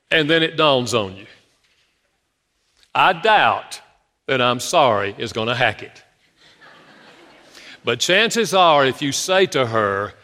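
Male pastor, sermon, animated storyteller, bright forceful voice, long hall reverb. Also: medium pitch, a little slow, long pauses. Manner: animated storytelling preacher, addresses congregation.

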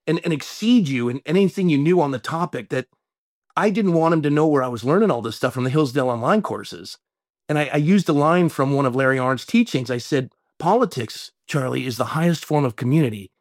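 A man's voice: mid-range voice, dry recording, clean studio sound. A man who is a pastor, telling a long story in an interview, rambling with many restarts and folksy sayings. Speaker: pastor and mayor.

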